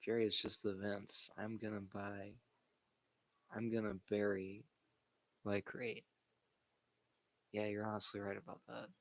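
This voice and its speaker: A man's voice: on the low side, little pitch movement, unhurried, pauses often. A man hosting a livestream, giving blunt, opinionated casual chat about wrestling and sports and swearing freely. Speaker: livestream host.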